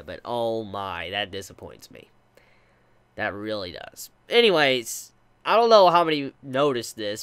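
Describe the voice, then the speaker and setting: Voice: medium pitch, a bit bright, smooth. An anime reviewer ranting in a casual video review, exasperated, full of rhetorical questions, repeating words and restarting sentences while thinking aloud.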